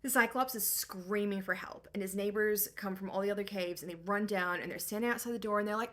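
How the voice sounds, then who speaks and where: A woman's voice: mid-range voice, fast, few pauses, fairly bright tone. A young woman giving a comedic book recap in a breezy, slangy, irreverent way.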